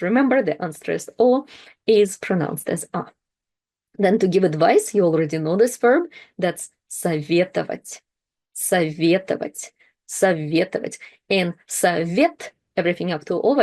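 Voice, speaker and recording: Woman teacher walking through verbs, soft warm voice, says each word twice nice and slow. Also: lowish voice, expressive. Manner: patient, repeats words slowly for practice. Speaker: Russian language teacher. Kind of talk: language lesson explanation.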